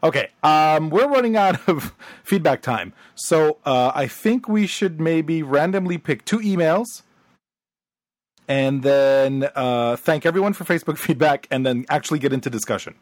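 A man co-hosting a casual podcast chat, teasing and lively as he reads out listener mail. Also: on the high side, normal speed, dry recording, studio quality. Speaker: podcast co-host.

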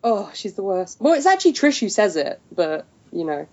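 British woman, podcast co-host, casual recap chat, giggly, middle pitch, slightly dull lo-fi sound. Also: sing-song, normal speed, darkish tone. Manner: giggly, laughs often between remarks. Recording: slightly muffled lo-fi audio.

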